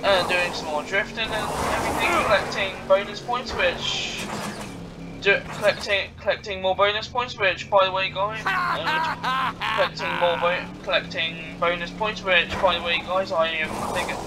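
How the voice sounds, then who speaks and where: A man's voice: sits high, normal speed, distant mic, heavy background noise. A man hosting a let's play, rambling and stumbling over words while he races, with a cough. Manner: rambling, stammers and repeats. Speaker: gaming channel host.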